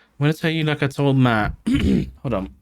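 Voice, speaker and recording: A man streaming, telling a story to his chat in a casual, animated way, swearing freely and laughing as he goes. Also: medium pitch, normal speed, smooth.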